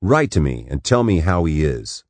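A man reading aloud and voicing a kind grown man who speaks gently and slowly. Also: very deep voice, big pitch swings, dry recording, exaggerated voice. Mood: earnest. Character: kind, calm grown man talking to his dog.

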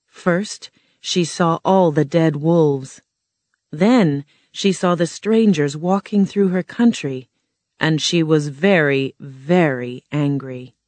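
A woman narrating a storybook in a plain, measured reading voice. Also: deep voice, darkish tone, no echo.

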